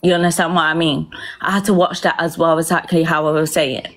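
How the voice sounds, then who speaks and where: A young woman recounts events in a loose, rambling flow. She swears freely and leans on fillers like "um" and "like". Her voice sits a little lower than most women's. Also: little pitch movement, fairly quick. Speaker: vlogger. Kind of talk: casual personal storytelling.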